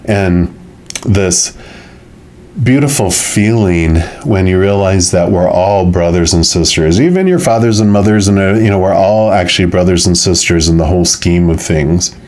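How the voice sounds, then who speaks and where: A man giving a weekly tarot reading to viewers, musing in a soft, loose way with lots of filler phrases. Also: low-pitched, normal speed. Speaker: tarot reader.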